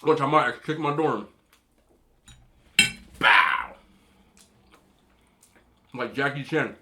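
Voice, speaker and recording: A man in his thirties eating on camera, giving emphatic, animated relationship advice to other men and telling stories in a casual chat. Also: mid-range voice, moderate pace, a little hiss or hum. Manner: storytelling with repeated disapproving hums. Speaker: mukbang vlogger.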